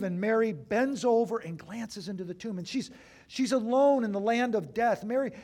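A man preaching an Easter sermon as a pastor, moving between raised, emphatic phrases and hushed, slow ones with deliberate pauses. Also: high-pitched. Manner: dramatic swings between loud and hushed.

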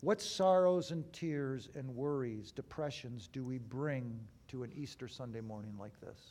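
A man preaching an Easter sermon as a pastor, moving between raised, emphatic phrases and hushed, slow ones with deliberate pauses. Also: medium pitch. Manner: dramatic swings between loud and hushed.

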